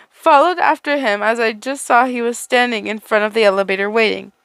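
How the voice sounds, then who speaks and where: A woman's voice: fairly high pitch, fairly quick, few pauses, a bit bright, clear, resonant tone, dry recording. A young woman who hosts a channel, reading a fan story aloud and then chatting casually, with fillers and light laughs.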